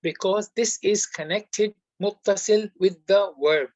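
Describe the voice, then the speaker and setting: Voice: mid-range voice, measured pace, a little mellow, no echo, rough recording. An Arabic teacher giving an online class lesson, who explains step by step, quizzes the students and sprinkles in devout phrases.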